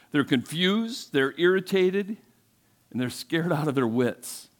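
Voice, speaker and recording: Preaching a sermon, a pastor with a slightly high voice retells a story in a conversational way. Along the way he asks his congregation questions.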